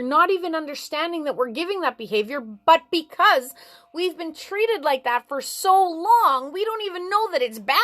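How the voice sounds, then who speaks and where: Frank rambling woman, dry close sound. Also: no echo. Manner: frank, rambling, swears freely, voice rises high when animated. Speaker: vlogger giving life advice. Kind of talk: casual spiritual chat.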